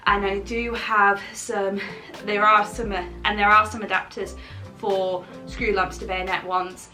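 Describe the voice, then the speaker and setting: A woman's voice: medium pitch, level tone, a little slow, bright, forceful tone, soft background music. Chatty woman vlogging at home. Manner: chatty and enthusiastic, laughs often. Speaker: lifestyle vlogger. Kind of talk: casual chat to camera. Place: at home, indoors.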